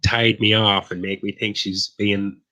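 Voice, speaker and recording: The voice is fairly low with little pitch movement, bright and forceful, delivered at a measured pace. He's an Irish co-host on a live stream panel, swearing often as he rambles and teases in casual banter.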